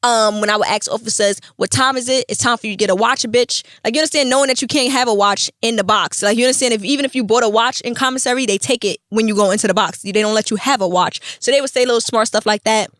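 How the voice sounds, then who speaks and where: Young woman, podcast host, fairly high voice, animated, profane, casual storytelling. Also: fast, hardly any pauses, no echo, clean studio sound.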